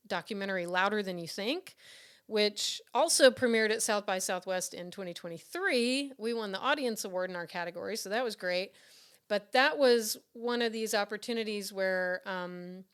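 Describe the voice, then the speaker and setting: A woman, clear and smooth in tone, chats through an interview in a loose, animated way. She laughs often and restarts her sentences, with plenty of fillers. Her pitch sits in a middle range for a woman. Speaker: puppeteer and director, interview guest. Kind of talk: casual interview storytelling.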